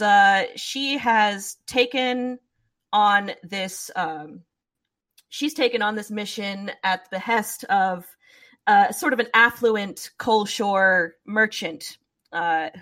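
Lady gm setting up a tabletop game, slow and unhurried, lots of uhs. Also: mid-range voice, a bit bright. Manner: slow, hesitant narration with fillers. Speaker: game master.

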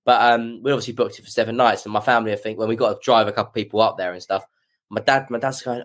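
A man's voice: on the low side, steady tone, quick pace, fairly bright tone. A young man telling a rambling anecdote in a casual chat. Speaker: guest football fan. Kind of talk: casual storytelling.

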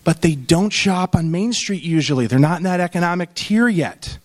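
Here a middle-aged man gives a comic keynote at a conference in a high-pitched voice, at normal speed. He animates his anecdotes by playing the people he quotes.

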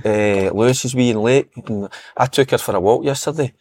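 A man's voice: medium pitch, normal speed, darkish tone, no echo. A man with a Scottish accent telling laughing anecdotes in casual podcast chat. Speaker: podcast host.

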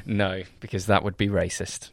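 A young man co-hosting a casual podcast, quiet and self-deprecating in banter. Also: low-pitched, flat delivery, normal speed, dry recording. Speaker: podcast co-host. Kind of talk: casual chat.

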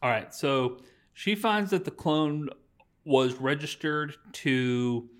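A man hosting a podcast, recapping a movie in casual chat, rambling and acting out lines from the film. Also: fairly high pitch. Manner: rambling, acts out characters' lines in quick voices. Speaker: podcast host.

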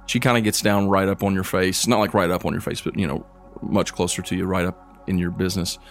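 A man narrating as game master, describing the scene in a relaxed way with casual fillers. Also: low-pitched, fast, faint music behind.

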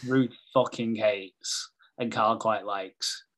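A man's voice: fairly low pitch, slow. Sweary man recapping a show. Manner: sweary, animated retelling with quoted voices. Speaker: podcast host recapping a TV show. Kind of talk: casual podcast chat.

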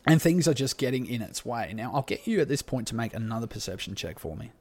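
A man's voice: mid-range voice, expressive, quick pace, a little mellow, breathy edge. A man running a tabletop game as game master, describing scenes in a laid-back way.

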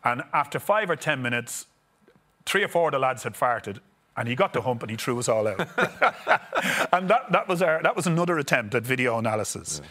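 A middle-aged Irish man, a former footballer and guest, telling animated anecdotes in a casual chat with frequent chuckles. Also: medium pitch, brisk. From Ireland. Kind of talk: casual storytelling.

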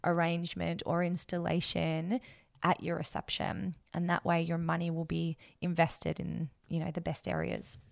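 A woman's voice: fairly low pitch, monotone, normal speed, gravelly. A woman hosting a wedding planning podcast, giving emphatic, blunt advice in a casual chat.

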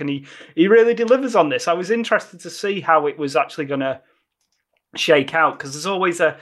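A man over thirty-five chatting enthusiastically about films he watched, as a podcast co-host. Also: a little high. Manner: enthusiastic, chatty, laughs often. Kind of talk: casual film review chat.

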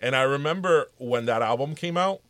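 Male podcast host, relaxed. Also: mid-range voice, brisk, no echo. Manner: conversational, mixing in Spanish phrases. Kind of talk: casual interview chat.

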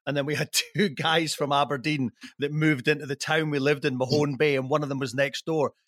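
A man's voice: a little high, flat delivery, brisk, a bit bright, no echo. A middle-aged man telling jokey stories in a casual podcast chat, laughing often.

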